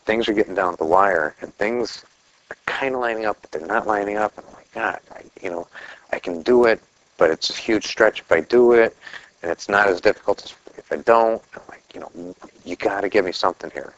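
A man telling a personal story in a casual, rambling way, often clearing his throat and restarting. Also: on the low side, a little fast, fairly bright tone, lo-fi sound, a little hiss or hum.

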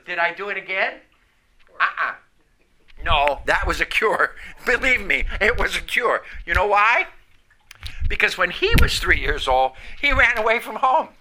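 A man's voice: high voice, very animated, a little slow, pauses often. An older man preaching a sermon, telling a personal story earnestly and chuckling at himself now and then. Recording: noisy recording.

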